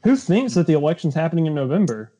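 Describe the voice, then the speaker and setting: Young male podcast co-host, slightly high, warm mellow tone, animated and jokey. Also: fast talker. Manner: animated, puts on silly voices when retelling scenes. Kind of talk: casual chat.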